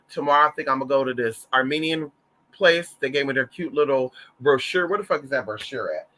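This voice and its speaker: A man from Southern Louisiana hosting a casual livestream, telling stories in an animated, campy, profane way while reading the chat. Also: mid-range voice, fairly quick. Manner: animated, campy, profane, calls listeners y'all and honey.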